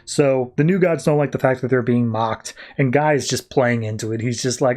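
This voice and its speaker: A man's voice: medium pitch, normal speed, few pauses, a little mellow. A man hosting a podcast, recapping a comic book in a casual, rambling way. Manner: chatty, rambling. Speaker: podcast host.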